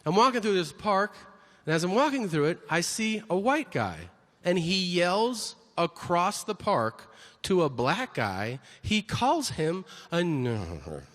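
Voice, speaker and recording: Animated male stand-up comic in a hall. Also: high-pitched, measured pace. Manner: animated storytelling with shouted voiced asides. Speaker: stand-up comedian. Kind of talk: stand-up comedy routine. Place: large hall before a live audience. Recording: reverberant hall, audience noise.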